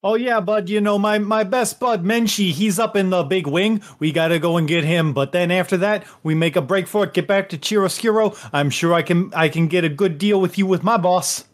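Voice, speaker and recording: A man voicing a brash, folksy male prison hustler who talks fast and calls everyone bud. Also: high-pitched, voice pushed up, close to an everyday voice. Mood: scheming.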